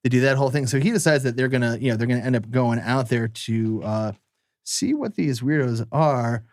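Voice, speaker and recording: A man's voice: medium pitch, fairly quick, no room sound, clean studio sound. A man co-hosting a podcast, chatting casually about a film, laughing often and acting out movie lines. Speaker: podcast co-host.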